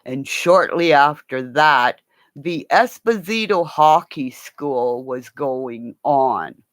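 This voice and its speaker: A woman's voice: low voice, fairly bright tone, no echo. A woman hosting a live stream, telling long rambling stories with swearing and frequent slips into mimicking other people's voices.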